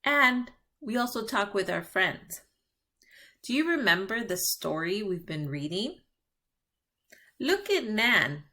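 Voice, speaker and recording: Slow, patient bilingual teacher woman. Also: mid-range voice, big pitch swings, pushed and bright. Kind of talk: bilingual classroom lesson.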